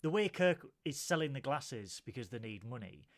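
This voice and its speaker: A man's voice: medium pitch, big pitch swings, normal speed, a bit bright. A man hosting a casual film review podcast, animatedly retelling scenes and acting out the characters' lines. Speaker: podcast host.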